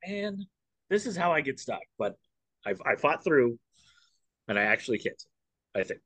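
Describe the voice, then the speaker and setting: A man co-hosting a podcast, chatting and joking in an animated way. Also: medium pitch, fairly quick, breathy edge, no room sound. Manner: jokey, animated. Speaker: podcast co-host. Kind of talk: casual chat.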